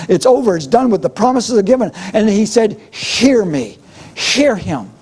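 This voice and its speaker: A man's voice: high voice, very animated, normal speed, a little mellow, breathy edge. A middle-aged man preaching a sermon as pastor, with a fervent, repetitive preaching cadence.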